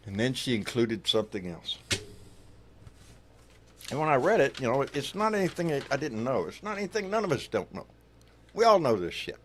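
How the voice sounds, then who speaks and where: Man, livestream host, casual profane chat, middle pitch. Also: very animated, a little fast, pauses often, fairly bright tone, slight background noise. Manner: loose and profane, calls viewers baby.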